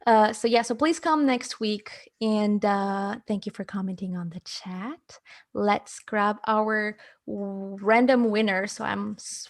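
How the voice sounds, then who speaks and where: A woman's voice: mid-range voice, slow pace. A woman hosting an art livestream, chatty and promotional, reading out chat comments and running a giveaway. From Canada. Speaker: livestream host. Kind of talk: live stream hosting.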